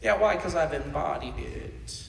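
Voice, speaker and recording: A man in his thirties preaching a sermon, animated, swinging between shouts and quiet asides, laughing often. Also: fairly high pitch, a little slow, gravelly, a little hiss or hum. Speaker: pastor. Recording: echoey hall from far off.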